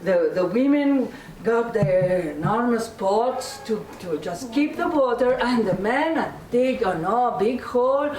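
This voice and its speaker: Slow, animated woman storyteller. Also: a little high, crowd noise. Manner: animated, laughing, drawing the audience in. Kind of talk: live oral storytelling with audience participation. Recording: echoey room, distant mic, background noise.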